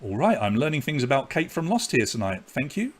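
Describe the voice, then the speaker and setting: A man's voice: medium pitch, fairly quick, slightly rough. Chatty English man hosting a quiz. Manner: lively, chatty, jokey asides between questions. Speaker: quiz host. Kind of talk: live online pub quiz hosting.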